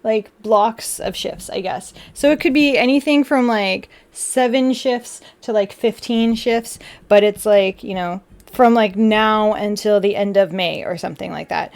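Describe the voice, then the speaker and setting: A young woman streamer chatting casually while building a model kit, animated and full of quoted back-and-forth. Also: mid-range voice, measured pace, hardly any pauses. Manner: chatty and animated, with frequent laughs and quoted dialogue.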